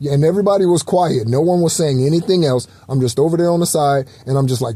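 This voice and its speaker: Rambling man with a mellow voice. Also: mid-range voice, brisk, hardly any pauses, no echo. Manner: loose, rambling, repetitive with fillers and occasional swearing. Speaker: spiritual channel host. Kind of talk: casual spiritual talk.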